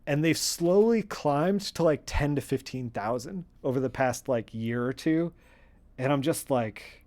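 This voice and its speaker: A male streamer chats casually while he colors comic art. He rambles with plenty of fillers and climbs quickly into excited outbursts. His pitch sits in the middle range. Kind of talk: casual livestream chat.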